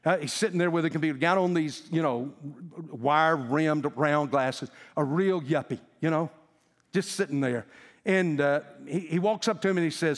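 A male pastor telling a story in a sermon, in a folksy, animated way. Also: fairly high pitch, moderate pace, in a large hall.

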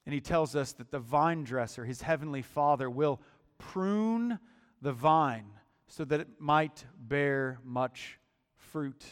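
Male pastor, emphatic sermon delivery, slightly high voice, long echoing hall. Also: lively intonation, clean tone. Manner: deliberate, emphatic preaching with repeated words.

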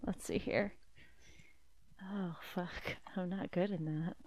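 A woman's voice: fairly low pitch, steady tone, slow, a little mellow. A woman who plays a tabletop game and chats bluntly, swearing freely. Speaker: player. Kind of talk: casual game chat.

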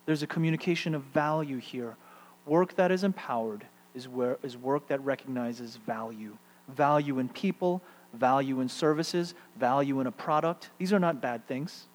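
A middle-aged man preaching a sermon, shifting between loud emphatic peaks and hushed, quiet stretches. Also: medium pitch, moderate pace. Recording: long hall reverb, faint mains hum.

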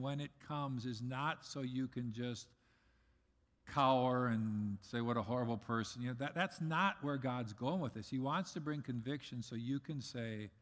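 Middle-aged pastor preaching in a reverberant hall. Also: male voice, mid-range voice. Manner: earnest preaching, swinging between loud emphasis and soft asides. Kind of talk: sermon. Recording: long reverb of a large hall.

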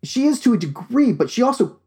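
A man co-hosting a casual chat, excitedly recapping a film and acting out its scenes with plenty of swearing. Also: very high voice, a little fast. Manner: animated, swearing, acts out scenes. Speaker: podcast co-host.

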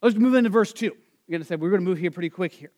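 A man preaching a sermon, earnest and explanatory, with many fillers and restarts, slowing down and going soft on scripture phrases. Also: sits high. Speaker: pastor.

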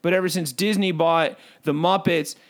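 This time the man's bird-host voice is only a little high, with fairly even intonation at a moderate pace and a light touch of acting. He still plays the bored, hyper male bird rambling in goofy asides to himself on his comedic podcast, taped in a home recording booth.

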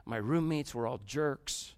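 A man preaching to a room full of people in an easy, conversational way, with an ordinary mid-range voice. He keeps turning to the audience, dropping to quiet asides and then rising to loud, emphatic bursts. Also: mid-range voice, unhurried. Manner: conversational, addresses the audience directly. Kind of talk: storytelling sermon.

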